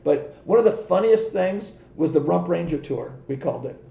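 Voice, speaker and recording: Gravelly middle-aged man telling stories. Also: fairly high pitch, expressive, normal speed, dark tone. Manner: rambling anecdotes, acts out quoted dialogue, frequent restarts, swears. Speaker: podcast guest. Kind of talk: casual interview storytelling. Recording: echoey room.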